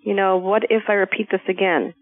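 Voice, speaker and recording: A woman guest on a spiritual talk show, explaining ideas in a calm, measured way and sometimes playfully acting out voices. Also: mid-range voice, dry recording. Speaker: guest speaker. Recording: phone-like narrow sound.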